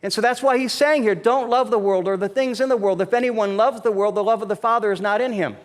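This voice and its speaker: A man's voice: sits high, quick pace, big-room sound. A man preaching a sermon as pastor, telling stories in a conversational way with many restarts and growing emphatic. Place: church sanctuary.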